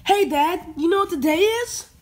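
A woman's voice: very high-pitched, lively intonation, normal speed, a little mellow, voice pushed up. A woman voicing a bratty, whiny young boy prince who pesters his dad in a puppet comedy video. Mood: bored.

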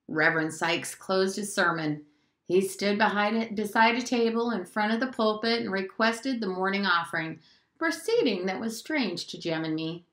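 A woman teacher reading a novel aloud in a steady, clear storytelling voice. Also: medium pitch. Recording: roomy echo.

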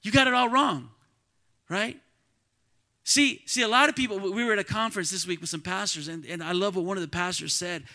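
Preaching a little fast, a pastor with a high, bright, cutting voice calls out to his congregation in a church sanctuary. His sermon shifts from soft, close-up talk to ringing shouts.

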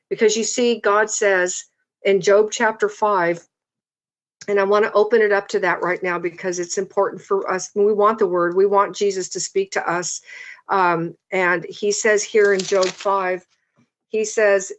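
A woman preaching earnestly as a guest speaker, reading scripture slowly and deliberately. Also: mid-range voice, little pitch movement. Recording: slightly dull lo-fi audio.

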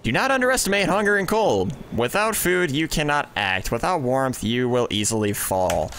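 A man reading out a remorseful male community leader's last confession in a slow, solemn put-on Old English accent. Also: medium pitch, sing-song, a bit bright, a little hiss or hum. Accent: attempted Old English.

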